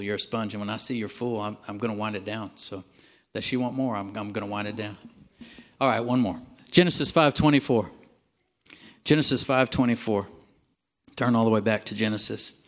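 Male preacher, sermon, animated, calls for amens, shifts between emphatic and hushed. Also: on the low side. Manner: swings from emphatic to quiet and drawn out.

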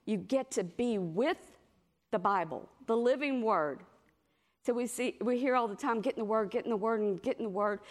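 A middle-aged woman preaching a sermon, telling stories in a lively way and acting out the voices of the people she quotes. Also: fairly high pitch, moderate pace. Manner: animated storytelling, acts out quoted voices.

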